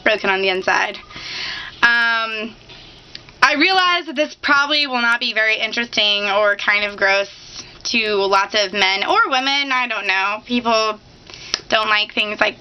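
A woman in her thirties talks straight to the camera in a loose, confessional rant. Her voice sits high and sounds bright and sharp. She is exasperated and frank throughout. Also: unhurried, smooth, low-quality recording. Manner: exasperated, swings into mock sobbing. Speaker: vlogger. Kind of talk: casual confessional vlog rant.

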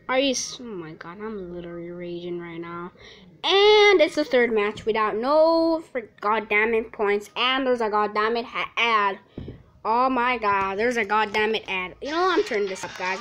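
A woman commentating her own gameplay, excitable and repetitive, with frustrated outbursts at her teammates. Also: mid-range voice, moderate pace, faint music behind, poor audio. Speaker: gamer.

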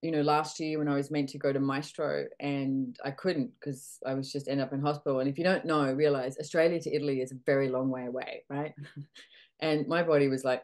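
Low voiced lady host chatting away, acts out convos, drops the odd swear, really animated. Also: a little fast. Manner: animated, acts out dialogue with her body, swears casually. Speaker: podcast host and facilitator. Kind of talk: casual conversational coaching.

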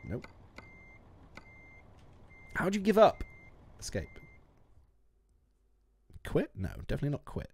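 A man's voice: fairly high pitch, huge pitch swings, slow pace, pauses often, darkish tone, breathy edge. A man casually commenting while playing a game, chatty and self-mocking, swearing often and laughing a lot. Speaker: streamer.

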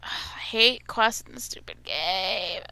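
A young woman gamer talking her way through a play session in a slow, gravelly voice. She grumbles and gets exasperated easily, chatting casually to herself, with a bright, fairly high tone. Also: no room sound. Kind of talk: casual gameplay commentary.

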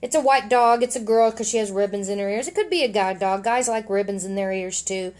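A woman's voice: medium pitch, a little fast, a little mellow. A middle-aged woman reading a storybook aloud on a podcast in a casual, meandering way, hesitant and full of fillers. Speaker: podcast guest reader.

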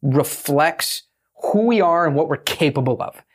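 A brash man with a fairly high voice, talking fast and blunt on a podcast. He swears freely and acts out quick quoted bits as he explains how to pitch. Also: expressive, slightly rough. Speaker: guest, author and pitch expert. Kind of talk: fast casual podcast talk.

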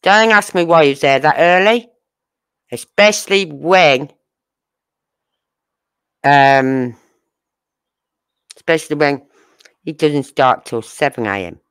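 Slow-talking sarcastic true crime commentator. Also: medium pitch, fairly bright tone, smooth. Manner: sarcastic, rhetorical questioning; blunt, uses crude slang. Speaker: true crime channel host.

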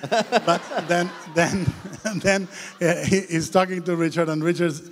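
A film director as interview guest, telling lively anecdotes with frequent hesitations, on the stage of a large hall. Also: male voice, sits high, measured pace, slight background noise. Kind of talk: onstage festival interview. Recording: long hall reverb.

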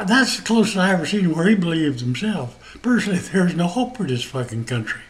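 A man's voice: high-pitched, sing-song, fast talker, few pauses, poor audio. A man hosting a show, delivering a rambling, profane monologue rant with emphatic repetition. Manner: profane, emphatic, laughs at his own points. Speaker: host.

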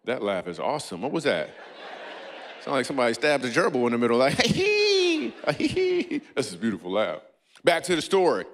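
A man's voice: sing-song, fast, a bit bright, a little hiss or hum. Playful man doing stand-up. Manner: playful, riffing with the audience, breaks into squeaky and goofy voices. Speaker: comedian. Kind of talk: stand-up comedy set in a church. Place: church stage before a live audience.

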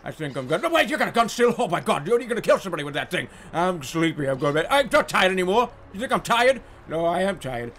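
A man's voice: sits high, big pitch swings, fast talker, hardly any pauses, a bit bright, a little hiss or hum. A man voicing a drowsy, jittery man on a dock who rambles between sleepy and alarmed. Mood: rambling.

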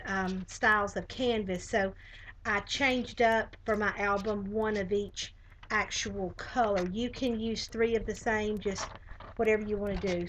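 A woman's voice: medium pitch, fairly bright tone, slight background noise, low-quality recording. A woman with a Southern US accent, chatting casually through a live craft tutorial with many fillers. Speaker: craft demonstrator.

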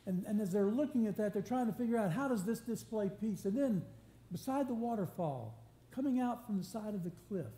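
This pastor's mellow voice is high, with lively intonation and a slightly quick pace. Preaching in a church sanctuary, he keeps the sermon earnest and conversational, restarting often as he builds emphasis. The roomy live-stream audio carries a faint hum.

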